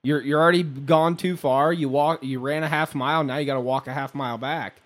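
A man's voice: on the high side, fairly even intonation, fairly quick. A man hosting a podcast, rambling and joking in casual banter, with many restarts. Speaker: podcast host.

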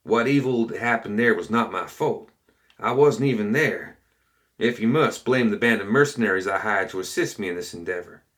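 A pompous, cowardly explorer who speaks with lofty airs and slides into shrill pleading, put on by a male storyteller. His voice sits a little higher than the narrator's own low tone. It is a storybook figure read aloud. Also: normal speed, fairly bright tone, close to an everyday voice. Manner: haughty, turning shrill and pleading.

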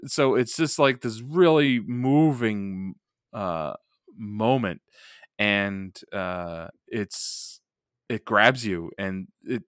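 A man co-hosting a podcast, chatting casually and excitedly about a wrestling match, with lots of fillers and restarts. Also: lowish voice, clean tone, no echo, studio quality. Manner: animated, rambling with many fillers. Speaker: podcast co-host.

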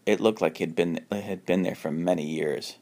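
A man reading his own homemade horror story aloud, stumbling and restarting often, and jumping up in pitch for the characters' lines. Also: fairly even intonation, brisk, a little mellow. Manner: unpolished reading with frequent restarts.

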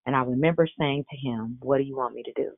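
A woman in her forties preaching a sermon, telling a personal story with animated, quoted back-and-forth dialogue. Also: rumbling low, fast, no room sound. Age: 40s. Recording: tinny phone-like sound.

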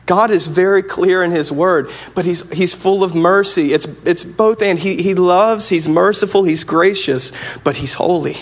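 A man's voice: high voice, moderate pace, hardly any pauses, faint music behind. A man preaching a sermon as pastor, earnest and conversational, often restarting his sentences.

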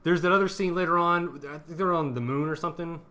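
A young man co-hosting a casual movie review podcast, excited and laughing, swearing freely. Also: on the high side, fast. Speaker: podcast co-host.

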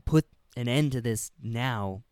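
A man's voice: medium pitch, slow pace, darkish tone, smooth, no echo, studio quality. A man co-hosting a podcast, chatting casually about a movie, swearing, laughing and acting out lines from it. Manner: laughing, profane, acts out film lines. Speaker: podcast co-host.

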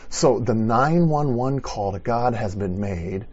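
A man preaching a sermon, retelling a story with animated, restarting delivery. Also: medium pitch, slow, highs cut off. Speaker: pastor.

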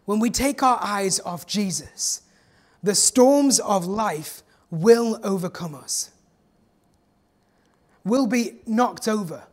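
A man with an English accent, a pastor delivering an earnest, emphatic sermon in church with dramatic pauses. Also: high-pitched, expressive. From England.

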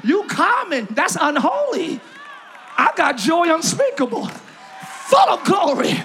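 A male pastor preaching a lively, playful sermon in a large church, often shouting to the congregation. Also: very high voice, slow pace, some chatter behind, a little hiss or hum.

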